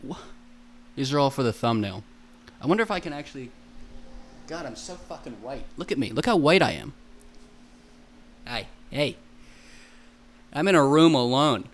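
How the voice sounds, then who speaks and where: A man's voice: medium pitch, animated, normal speed, long pauses. A young man hosting a solo podcast alone in a room, goofy and self-mocking, rambling and swearing a lot.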